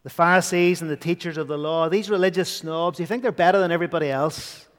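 A man preaching a sermon in an earnest way, sometimes dropping to a hushed voice for emphasis. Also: fairly high pitch, fast. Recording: long hall reverb.

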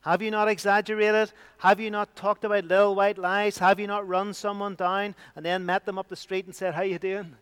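Resonant preacher, high and emphatic. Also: male voice, little pitch movement, moderate pace, hardly any pauses, clean tone. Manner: emphatic preaching, swinging from loud to hushed. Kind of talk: sermon.

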